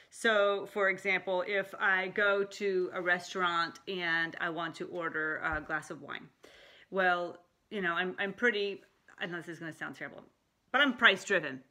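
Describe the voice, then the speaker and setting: Middle-aged lady coach vlogging, bright voice, chatty and laughs a lot. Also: lowish voice. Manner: chatty, animated, laughs often. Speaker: life coach. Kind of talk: casual talking-head vlog.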